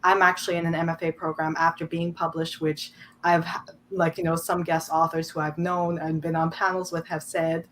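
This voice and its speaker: A woman's voice: low voice, normal speed, a little hiss or hum. A woman author chatting on a video call, telling stories with lots of "um" and "like". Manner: lively, chatty storytelling, many fillers. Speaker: guest author. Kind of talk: casual panel chat.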